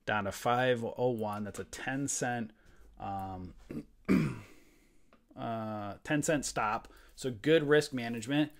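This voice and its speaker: A man in the middle of his pitch range teaches a live trading session over a screen share, speaking from a desk mic. He is blunt and fired up, ranting with emphasis and dropping mild swears in a casual way. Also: slow, long pauses. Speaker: trading room host.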